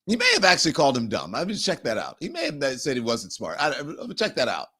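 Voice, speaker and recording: A man hosting a political commentary show, incredulous and animated, often laughing between remarks. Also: fairly high pitch, fast talker, breathy edge. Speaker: host.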